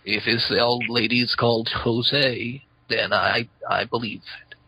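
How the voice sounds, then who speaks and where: A man calls in to a talk radio show and trades deadpan, crude jokes with the hosts. His voice is husky yet sharp and bright, sitting in a mid-range pitch. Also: slow, poor audio. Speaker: caller. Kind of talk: call-in radio banter.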